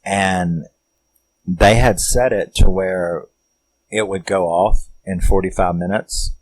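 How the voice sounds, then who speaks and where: Man, deep voice, rambling and profane plot recap for a horror film review. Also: a little mellow, no room sound, low-quality recording. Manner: rambling and profane, with many fillers.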